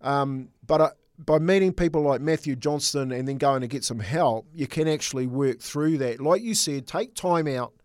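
A man's voice: medium pitch, normal speed, few pauses, a little mellow, dry recording. Earnest middle-aged man, dry close mic. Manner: earnest, storytelling, repeats words while thinking. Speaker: former rugby league coach, co-host. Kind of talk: casual sports chat.

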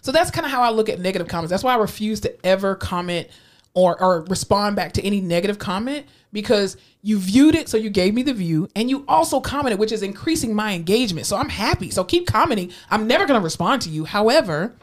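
A woman co-hosting a podcast in casual chat, chatty and quick to laugh, swearing freely. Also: medium pitch, expressive. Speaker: podcast co-host.

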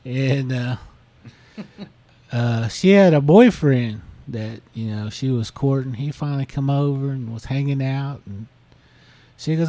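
A man's voice: medium pitch, unhurried, dark tone, no room sound. A man casually retelling a listener's story on a podcast, full of fillers and restarts. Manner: rambling, many fillers like "you know". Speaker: podcast host.

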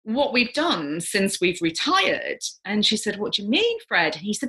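This is a middle-aged woman, a psychic medium recounting an uncanny experience in conversation. Her voice is bright and forward, and she tells it with lively storytelling energy. She gasps and swoops her pitch to play the people in her tale. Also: measured pace, creaky. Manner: lively, gasping, acts out quoted voices.

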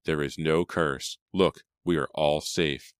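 A polite young colonial man who speaks earnestly, read by a man narrating a storybook, in a very low voice. The sound is dry and close. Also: steady tone, takes it slowly, clean tone, dry recording.

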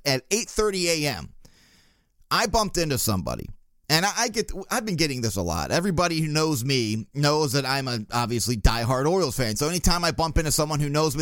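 A man's voice: a little high, no echo. A man hosting a sports podcast, talking casually and sarcastically and mimicking the people he complains about. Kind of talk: casual sports talk monologue.

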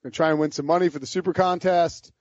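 Male podcast host, fairly high voice, rambling and animated, quick to laugh; dull, dry lo-fi mic. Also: dry recording. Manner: rambling, animated storyteller who laughs mid-sentence. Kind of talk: casual sports podcast banter.

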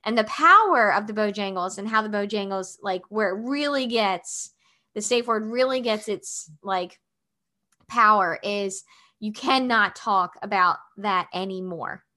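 A woman co-hosting a casual couples podcast, telling stories in a rambling, animated way full of filler words. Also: medium pitch, a little slow. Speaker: podcast co-host.

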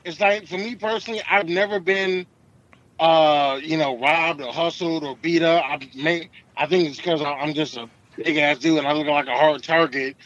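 A middle-aged man, a truck driver, telling stories casually, profane and animated, acting out the people in them. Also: a little high, normal speed, lo-fi sound. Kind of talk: casual podcast storytelling.

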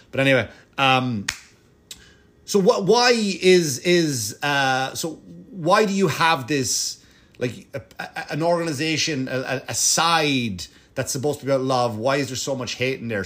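A man's voice: medium pitch, a bit bright. A male comedian ranting in a casual monologue, rambling and swearing with many restarts. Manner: rambling, profane, lots of restarts and fillers.

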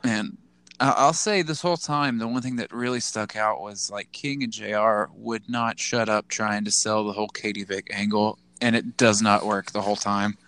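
A man's voice: lowish voice, normal speed, clear, resonant tone, no echo. A man co-hosting a casual podcast, joking and stammering as he chats. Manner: animated, joking, stammering restarts. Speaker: podcast co-host. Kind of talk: casual chat.

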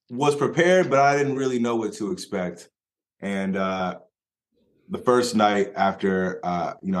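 A man co-hosting a podcast, telling a story in a relaxed, wry way with lots of pauses and restarts. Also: deep voice. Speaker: podcast co-host. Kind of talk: casual storytelling.

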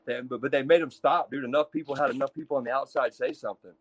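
A man from Texas telling prison stories in a casual, profane, animated way, acting out the people in them. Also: medium pitch, fast, dry recording. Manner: profane, animated storyteller acting out other inmates. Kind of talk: casual storytelling.

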